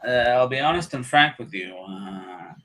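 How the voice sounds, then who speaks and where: A man's voice: medium pitch, lively intonation, measured pace, pushed and bright. A man on a livestream panel, bashful about praise and hamming it up when welcoming a guest. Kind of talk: casual chat.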